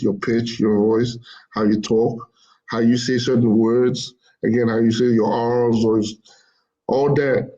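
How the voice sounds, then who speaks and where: A man's voice: medium pitch, warm tone, muffled recording. A man explaining machine learning in casual talk, rambling and repeating himself as he corrects his words. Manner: rambling, repeats phrases, self-corrects often.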